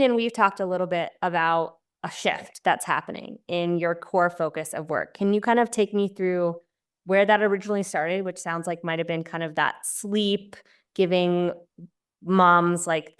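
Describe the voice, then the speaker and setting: A young adult woman hosting a podcast, chatting casually and telling stories with lively voiced quotes. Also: fairly low pitch, smooth. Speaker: podcast host. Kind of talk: casual interview chat.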